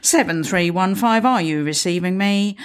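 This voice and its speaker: A woman's voice: lowish voice, normal speed, clear, resonant tone, close to an everyday voice. Woman doing an irate barking police sergeant. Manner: barking, impatient. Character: irate gruff male police sergeant on radio.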